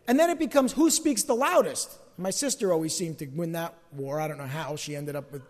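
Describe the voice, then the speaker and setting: A man preaching a sermon as a pastor who grew up in the American Northeast. He acts out quoted arguments and swings from loud bursts to hushed asides. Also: a little high, expressive, fairly quick. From Northeast US, Italian-American home. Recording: long hall reverb.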